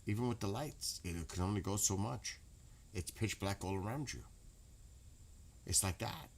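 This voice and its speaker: A man's voice: on the low side, lively intonation, normal speed, a little hiss or hum. A man, chatting casually and profanely to his late-night stream audience. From New York. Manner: rambling, profane, laughs loudly.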